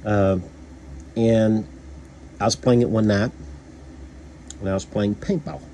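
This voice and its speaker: A man's voice: lowish voice, steady tone, slow, warm tone, a little hiss or hum. A man from Kentucky with a Kentucky accent, casually reviewing a book, rambling with many fillers and restarts.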